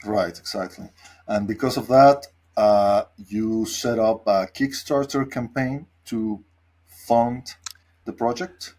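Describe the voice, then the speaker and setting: A man's voice: lowish voice, takes it slowly, darkish tone. A man hosting an interview, prompting his guest with short questions. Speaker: podcast host.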